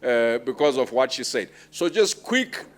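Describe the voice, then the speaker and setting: A man chairing an audience Q&A at a book launch, brisk and bantering, pushing people to keep it short. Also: mid-range voice, big pitch swings. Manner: brisk, bantering, urging brevity. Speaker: moderator of audience questions. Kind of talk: chairing a Q&A session. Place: lecture hall with an audience.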